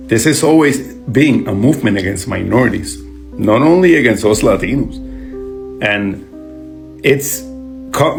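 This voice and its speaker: Man, gravelly fry, angry commentary, swears a lot, faint guitar music behind. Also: medium pitch. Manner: heated, blunt, swears often. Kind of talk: angry social media commentary.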